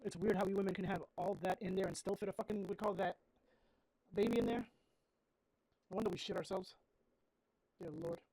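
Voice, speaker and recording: A woman streams a horror game and talks over it casually, musing aloud. She is blunt and swears freely, her pitch sitting in an ordinary middle range. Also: steady tone, brisk, long pauses, warm tone, no room sound, low-quality recording. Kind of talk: casual gameplay commentary.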